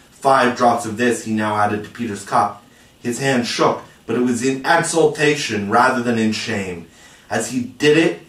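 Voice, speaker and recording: Man reading a storybook from far off. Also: medium pitch. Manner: dramatic, measured, expressive reading. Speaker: audiobook reader. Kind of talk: scripted storybook narration. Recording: roomy, distant mic.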